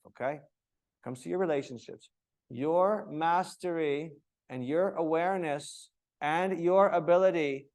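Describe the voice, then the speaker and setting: A man leading a yoga teacher training, talking to a group of students in an echoey room, acting out tones of voice and asking them questions. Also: sits high. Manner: animated, acts out different tones of voice, asks the group questions. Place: room with echo.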